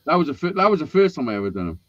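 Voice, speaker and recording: A man's voice: on the high side, racing, highs cut off. A man telling wild stories in a casual group chat, swearing a lot and acting out what people said. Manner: animated, swearing, acts out quotes.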